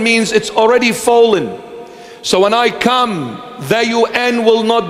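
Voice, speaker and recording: A man's voice: extremely high pitch, lively intonation, measured pace, fairly bright tone, in a large hall. A man preaching a sermon, emphatic and repetitive, firing rhetorical questions at his listeners.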